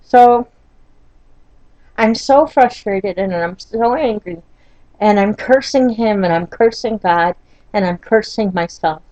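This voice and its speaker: An older woman telling a painful personal story in a vlog, halting and frustrated, often near tears, with many fillers and restarts. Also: mid-range voice, dark tone, no room sound, rough recording. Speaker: vlogger.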